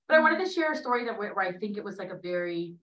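A woman's voice: medium pitch, expressive, rapid-fire, a bit bright. A woman in her late thirties telling a personal story on a discussion panel, chatty and often asking "right?". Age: late 30s. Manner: conversational, tags sentences with "right?". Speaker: panelist in a dialogue gathering. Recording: roomy, from a distance to the mic.

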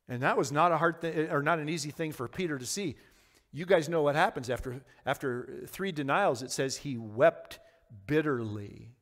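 A man teaching a verse-by-verse Bible study as a pastor, earnest and questioning his audience, sometimes acting out quoted lines. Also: a little high. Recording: long hall reverb.

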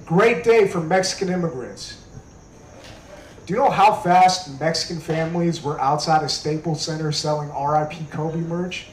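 A man performing a stand-up comedy set on a club stage, telling jokes in a conversational way with deadpan punchlines. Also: fairly high pitch, normal speed, echoey room, slight background noise, low-quality recording.

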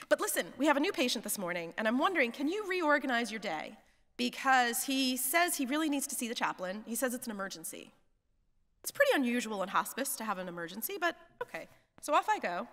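Animated woman preacher in an echoing church. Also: on the high side. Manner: animated, acts out dialogue, laughs often. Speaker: hospice chaplain, guest preacher. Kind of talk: storytelling sermon. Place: church sanctuary. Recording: long church reverb.

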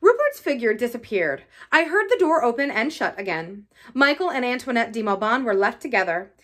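A woman reading a novel aloud in an expressive, lively style. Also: on the high side, brisk. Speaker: reader.

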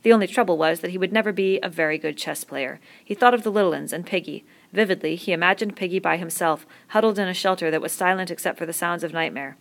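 A woman reading a novel aloud in a steady, measured narration. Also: lowish voice, creaky. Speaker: audiobook reader.

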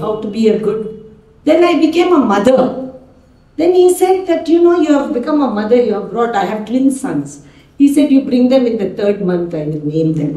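A woman's voice: medium pitch, warm tone. An older woman with an Indian English accent giving a personal testimony talk at a devotional gathering, telling stories and acting out dialogue. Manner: storytelling, acting out quoted dialogue. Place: devotional hall. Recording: roomy hall, mic at a distance.

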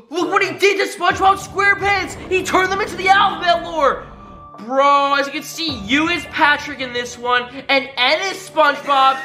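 A woman's voice: high voice, bright, forceful tone. A woman hosting a reaction video, gasping, exclaiming and constantly calling out to viewers as guys. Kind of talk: excitable reaction commentary. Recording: roomy sound with music behind. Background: background music.

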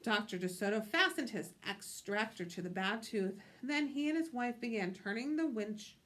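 A woman's voice: fairly high pitch, lively intonation, moderate pace, fairly bright tone. A woman reading a picture book aloud with expression, stopping to ask her listeners questions. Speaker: storytime reader.

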